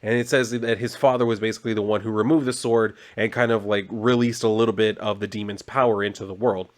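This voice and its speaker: A man's voice: fairly low pitch, level tone, fast talker. A man casually recapping a comic book, rambling with filler words and side remarks.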